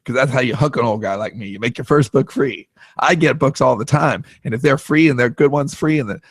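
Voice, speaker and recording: A man's voice: mid-range voice, brisk, husky, no room sound. A man voicing a friendly, chatty old man who eagerly hands out advice, with his everyday voice slightly lifted.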